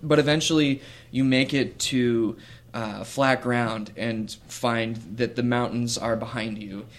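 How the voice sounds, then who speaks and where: A man narrating as game master of a tabletop role-playing game. He speaks slowly and breaks up his sentences with hesitations and fillers, at a mid pitch. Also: fairly even intonation. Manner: slow, hesitant, with many fillers.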